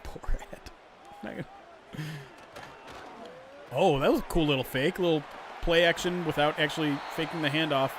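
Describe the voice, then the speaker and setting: A man calling a simulated football game on a livestream, switching between animated play-by-play and chatty asides to his viewers, often clearing his throat. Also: fairly high pitch, normal speed, long pauses, a crowd in the background, noisy background. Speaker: streamer doing play-by-play. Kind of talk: livestream sports play-by-play commentary.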